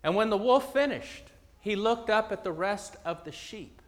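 A man telling a parable in a sermon, dramatic, with long pauses and swings from loud to hushed. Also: high-pitched, expressive, big-room sound.

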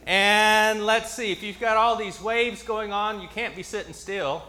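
A man leading an interactive Bible story in church, coaxing his listeners to make sound effects and shouting the quoted lines himself. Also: high-pitched, fairly even intonation, a little slow. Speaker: preacher leading a children's message.

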